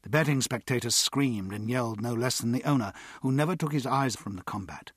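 A man narrating an audiobook with expressive, dramatic storytelling. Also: medium pitch, a little fast, breathy edge, no room sound, clean studio sound.

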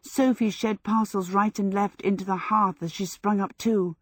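A woman's mid-range voice with a breathy edge carries this scripted audiobook narration, delivered in a measured, even storytelling manner. The recording is dry and of studio quality.

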